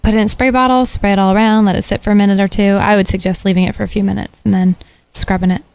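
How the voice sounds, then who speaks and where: A woman co-hosting a radio talk show, chatty and quick to laugh. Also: mid-range voice, flat delivery, darkish tone, clean tone, no room sound. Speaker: podcast co-host. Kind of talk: casual chat.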